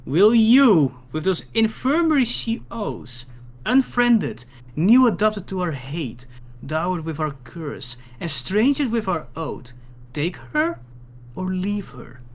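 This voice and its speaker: A man's voice: high-pitched, very animated, takes it slowly, heavily acted. A man reading an old wrathful king. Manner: declaiming verse.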